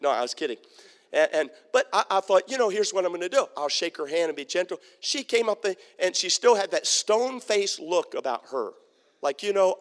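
Man, pastor, storytelling sermon, fairly high voice, long church reverb. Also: moderate pace. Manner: storytelling, animated, with acted-out quotes and humor. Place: church sanctuary.

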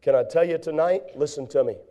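A male preacher with a high, mellow voice delivers an animated sermon, with loud acted-out voices and hushed asides. When he reads scripture, he slows down into drawn-out tones.

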